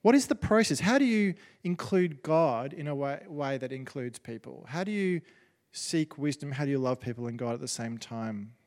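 A man's voice: mid-range voice, lively intonation, moderate pace, a little mellow. A man, a pastor giving a chatty, self-deprecating sermon with many restarts. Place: church. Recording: long reverb of a large hall.

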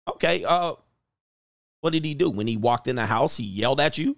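A man's voice: fairly high pitch, fairly quick, gravelly, no room sound, clean studio sound. A dating coach giving blunt, profane reaction commentary, laughing at his own points and firing off mocking rhetorical questions.

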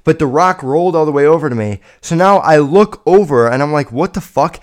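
Young man, podcast host, casual storytelling, rambling, profane, animated, slightly high voice. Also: brisk. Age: 20s.

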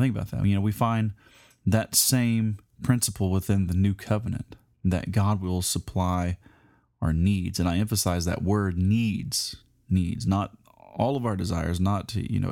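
A preacher with a very low, mellow, gravelly voice delivers a Bible lesson in sermon style, speaking conversationally and without hurry, pausing on fillers and restarting phrases. The sound is dry and close, with no echo.

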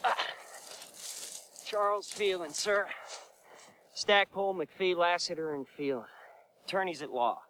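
A wary frontier lawyer. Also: male voice, high-pitched, unhurried, long pauses, bright, forceful tone, slight background noise. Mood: formal. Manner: formal, doubting, quizzing. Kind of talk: film drama dialogue.

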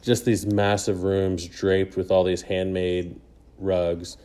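A man's voice: sits low, little pitch movement, slow, warm tone. A young man casually telling a travel story on a podcast, rambling with lots of fillers and frequent laughs. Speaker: podcast co-host.

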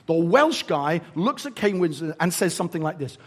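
Man, preacher, sermon, animated, humorous, conversational, husky, high-pitched. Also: moderate pace.

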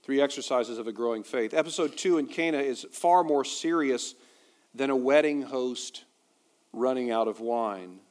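A man preaching a sermon as a pastor, conversational and quick to toss in humorous asides. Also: mid-range voice, darkish tone.

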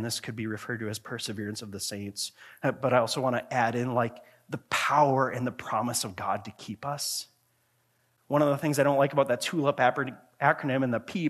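A male pastor delivering a sermon in an earnest, conversational way, swinging from quiet, low passages to loud, emphatic questions. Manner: earnest, conversational preaching with frequent restarts.

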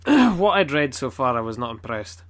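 A man's voice: medium pitch, very animated, moderate pace, fairly bright tone. A man with a Scottish accent chatting casually as a podcast co-host, blunt, swearing a lot and rambling with plenty of fillers. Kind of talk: casual chat.

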